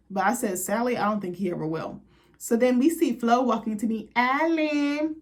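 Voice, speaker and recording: A young woman hosting a casual reality TV recap, sassy and profane, with quick asides to her viewers. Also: a little high. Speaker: recap host.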